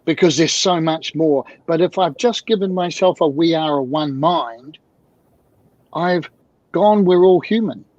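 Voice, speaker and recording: A man speaking as a guest mentor in an interview, animated and fond of repeated rhetorical questions, heard through dull lo-fi audio. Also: fairly high pitch, unhurried, no room sound. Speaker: guest, emotional communication mentor. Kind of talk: video-call interview talk.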